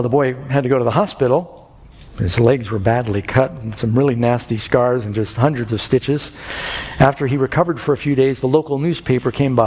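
A man's voice: medium pitch, a little mellow, husky. A man preaching an evangelistic sermon, earnest and telling stories that build to fervent peaks. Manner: earnest, rising to fervent climaxes in storytelling. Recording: music and long hall reverb.

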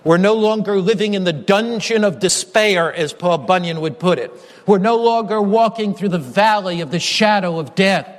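A man preaching a sermon, emphatic, with repeated phrases and slow, stressed key lines. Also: high-pitched, in a large hall.

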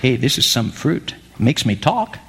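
A man voicing a sly male talking serpent in a sermon retelling, low and coaxing. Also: sing-song, moderate pace, creaky, fairly bright tone, slightly rough, heavily acted. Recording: echoey hall.

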